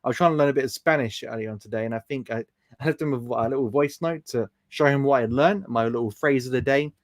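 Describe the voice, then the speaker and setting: A man's voice: mid-range voice, quick pace, dry recording, studio quality. Chatty man on a live stream. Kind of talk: casual live-stream chat, reading out viewer comments.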